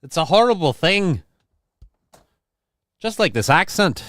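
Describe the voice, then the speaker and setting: A man's voice: on the high side, very animated, measured pace, fairly bright tone, no room sound, studio quality, voice pushed up. A man voicing a flustered ship's engineer in an exaggerated, mock-theatrical put-on accent. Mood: frantic.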